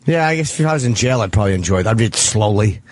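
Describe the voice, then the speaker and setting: Lively, giggly male co-host. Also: fairly low pitch, rapid-fire. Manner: animated, giggly storyteller doing voices. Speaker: radio co-host. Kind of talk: casual radio banter.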